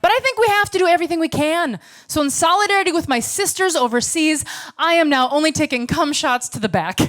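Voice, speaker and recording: A woman's voice: sits high, expressive, fast talker, a bit bright. An American woman doing a stand-up comedy set on a club stage, brash, sarcastic and profane. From United States.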